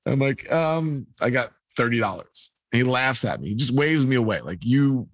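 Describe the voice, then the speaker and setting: A man's voice: medium pitch, animated, moderate pace, no echo. A man, a guest telling a long personal story and acting out the people in it. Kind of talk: storytelling in a podcast conversation.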